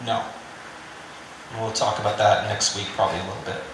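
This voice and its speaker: A man's voice: fairly low pitch, level tone, brisk, creaky, noisy background. A man preaching a sermon in a conversational, joking way. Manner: conversational and joking, with filler "you know". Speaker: pastor. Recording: very echoey room.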